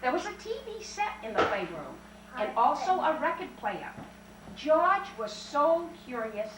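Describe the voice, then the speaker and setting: A woman reading a picture book aloud to children in a library, lively and animated, coaxing the little ones along. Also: sits high, unhurried, very noisy. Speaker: children's storyteller and French teacher. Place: library story-hour room. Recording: roomy 1970s library tape, mic far off.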